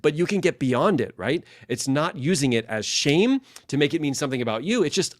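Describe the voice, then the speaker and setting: A man's voice: fairly high pitch, animated, brisk, few pauses, no room sound. Man coaching in a dry room. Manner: conversational, many fillers and restarts, acts out example phrases. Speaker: leadership and life coach. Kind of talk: casual teaching monologue.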